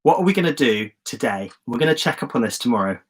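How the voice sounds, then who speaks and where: A man's voice: medium pitch, expressive, quick pace, husky. A man from England hosting a live online journaling session, chatty and encouraging, calling out viewers' comments with enthusiasm. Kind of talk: casual live-stream coaching. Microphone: phone or webcam on a live stream.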